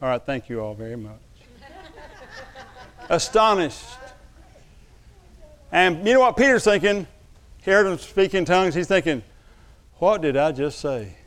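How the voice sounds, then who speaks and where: High smooth-voiced guy preaching, goes soft then calls out loud. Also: measured pace, pauses often. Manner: lively preaching, dips to quiet asides then calls out loud. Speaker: pastor. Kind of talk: sermon. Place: church sanctuary.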